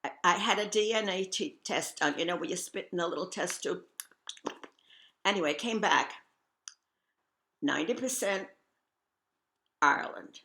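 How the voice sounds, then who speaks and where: A woman's voice: lowish voice, normal speed, long pauses, sharp tone, echoey room. An older woman from Scotland reading her personal memoir aloud, reflective with wry humor. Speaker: memoir reader.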